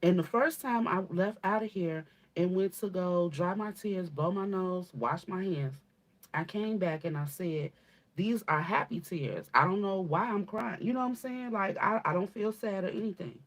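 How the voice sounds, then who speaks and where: A woman's voice: lowish voice, moderate pace. A woman giving a channeled spiritual reading to her viewers, talking casually and bluntly, swearing, calling listeners baby and often asking "okay?". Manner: emphatic, repeats and asks "okay?". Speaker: spiritual reader.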